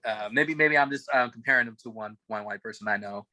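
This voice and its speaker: A man's voice: mid-range voice, fast talker, a crowd in the background, low-quality recording. A man co-hosting a casual TV show chat, rambling and hesitant, full of fillers and restarts. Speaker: podcast co-host.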